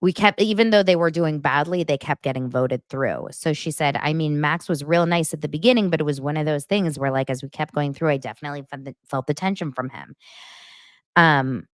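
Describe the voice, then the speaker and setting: Young woman gossip host, low-pitched, dry close recording, casual and chatty. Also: brisk, no echo. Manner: chatty, animated, jumps between stories with asides. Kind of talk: casual celebrity gossip chat.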